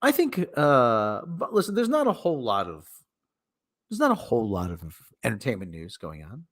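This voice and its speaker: Man, livestream host, lively up-and-down voice, rambling chat, self-interrupting, mock announcer asides. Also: mid-range voice, normal speed. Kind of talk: casual solo livestream chat.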